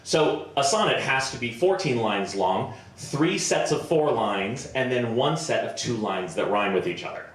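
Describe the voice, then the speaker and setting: A man performing improvised comedy on stage, chatty and self-deprecating, often pausing with ums. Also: mid-range voice, lively intonation, very echoey. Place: festival stage before a live audience.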